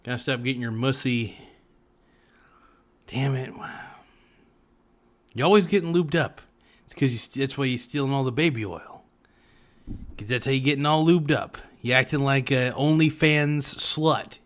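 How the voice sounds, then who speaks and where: A man's voice: medium pitch, steady tone, moderate pace, a bit bright. A man as a podcast guest in casual chat, crude, joking and rambling.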